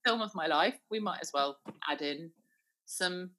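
A woman co-host with a low-set but bright, forceful voice, talking casually. She restarts her sentences a lot and giggles between thoughts. She sounds like someone in her thirties. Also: animated, unhurried. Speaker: podcast co-host. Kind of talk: casual chat.

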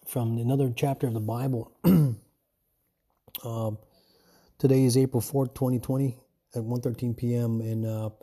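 A man's voice: medium pitch, warm tone, slightly rough. A man giving an informal, rambling sermon from home, repeating himself and often calling his listeners "folks.". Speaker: self-made preacher. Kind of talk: informal preaching monologue.

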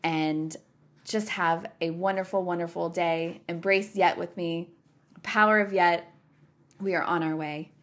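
Earnest woman with a lowish voice. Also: fairly even intonation, a little slow, fairly bright tone. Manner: earnest, repeats phrases for emphasis; addresses listeners as y'all. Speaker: podcast host. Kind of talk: personal motivational talk.

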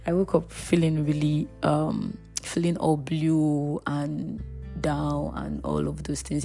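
A woman's voice: low voice, dark tone. A young woman hosting her own faith podcast, talking to listeners in a chatty, heartfelt way. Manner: chatty and heartfelt, addresses listeners as "you guys". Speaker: podcast host. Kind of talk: casual faith podcast monologue.

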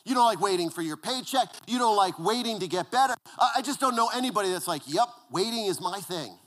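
A male pastor preaching a conversational sermon, repeating words and dropping to a hushed, low voice for emphasis. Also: fast.

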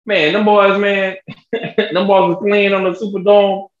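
A young man, co-hosting a casual sports podcast, telling animated stories and acting out quotes. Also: measured pace. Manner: animated storyteller, acts out quotes in a high voice. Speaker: podcast co-host. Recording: roomy, dull lo-fi sound.

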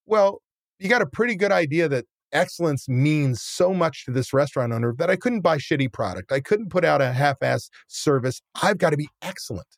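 Animated man telling a restaurant story. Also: a little high, fairly quick, creaky, no room sound, studio quality. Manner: animated, acts out scenes with quoted voices; blunt, casual swearing. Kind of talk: casual chat, storytelling.

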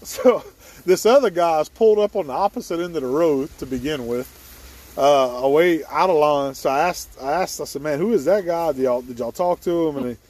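Outdoors at a boat launch before dawn, a man hosting a hunting video tells a casual story and laughs frequently. His pitch is fairly high, his tone darkish, and his delivery brisk.

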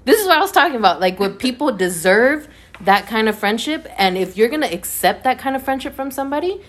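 A woman's voice: on the high side, very animated, fast talker. A young woman in a casual chat, talking bluntly and passionately and swearing freely.

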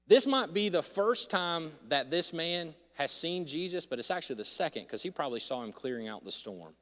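A man's voice: fairly high pitch, animated, moderate pace. Man preaching in a reverberant hall. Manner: dramatic swings between loud emphasis and hushed intimacy. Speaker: pastor. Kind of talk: sermon. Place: church sanctuary.

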